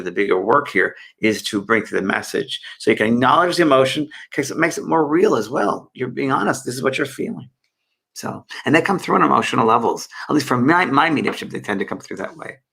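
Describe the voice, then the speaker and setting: Gravelly bright-voiced male medium. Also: medium pitch. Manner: gentle, rambling, answers viewer questions with many fillers. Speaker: spiritual medium and host. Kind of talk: live online Q&A and guidance.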